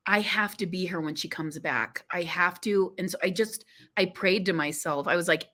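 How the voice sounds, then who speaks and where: As a podcast guest, a woman shares a personal story at normal speed in a somewhat low voice with a bright, forceful tone. She speaks animatedly and emotionally, sprinkling in lots of "you know."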